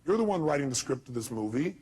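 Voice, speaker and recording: Punchy, animated male motivational speaker. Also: medium pitch, fast, slightly rough. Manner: punchy, asks the audience rhetorical questions, acts out voices. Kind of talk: motivational seminar talk.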